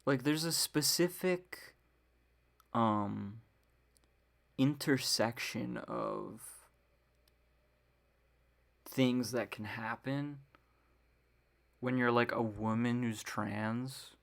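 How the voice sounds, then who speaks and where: A woman's voice: extremely low pitch, very slow, creaky, long pauses. Rambling, swearing woman podcaster. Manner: rambling, many fillers and frequent swearing; exasperated ranting. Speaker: podcast host. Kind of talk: casual solo podcast monologue.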